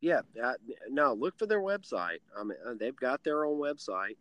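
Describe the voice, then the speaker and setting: A man in his forties chatting casually, with a dry, teasing humor. He talks in halting bits with fillers. His voice sits at an average pitch, recorded close and dry. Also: big pitch swings, fairly bright tone, no room sound. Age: 40s. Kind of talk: casual chat.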